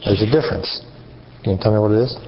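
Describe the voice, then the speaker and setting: A man preaching an interactive sermon, animated and questioning his audience. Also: fairly low pitch, quick pace, vocal fry, a little hiss or hum. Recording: muffled lo-fi recording.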